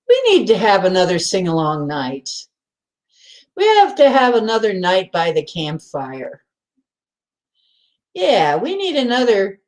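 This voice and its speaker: A middle-aged woman hosting a casual live chat, laughing often and reading out viewers' comments. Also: medium pitch. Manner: giggly, laughs often, reads comments aloud. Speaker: livestream host.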